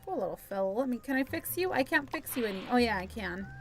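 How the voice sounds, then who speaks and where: A woman's voice: fairly high pitch, lively intonation, fast talker. A young woman hosting a gaming video, chatting bubbly to the cats in a VR game as she plays. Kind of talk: playing a VR game with commentary.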